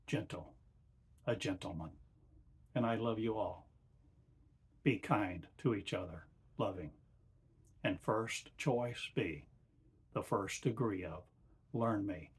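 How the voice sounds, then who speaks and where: Very slow, breathy man channeling. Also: lowish voice. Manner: slow, halting short phrases, often trailing off softly. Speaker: spiritual teacher. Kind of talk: channeled spiritual address.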